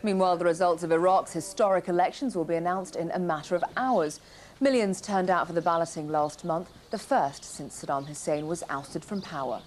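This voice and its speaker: A woman news anchor reading the evening bulletin in a measured, formal way. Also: fairly low pitch, darkish tone, slight background noise.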